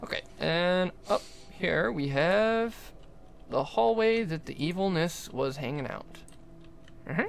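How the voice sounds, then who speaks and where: A young adult livestreamer giving jokey, excitable commentary while playing, often talking to the game's characters. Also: mid-range voice, takes it slowly, gravelly, slight background noise. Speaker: gaming livestreamer. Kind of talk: live gameplay commentary.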